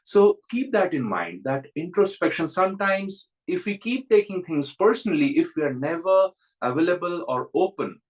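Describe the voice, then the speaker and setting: A man's voice: high-pitched, big pitch swings, normal speed, rough recording. A man who is a spiritual teacher, giving a reflective spiritual talk and telling stories with frequent chuckles.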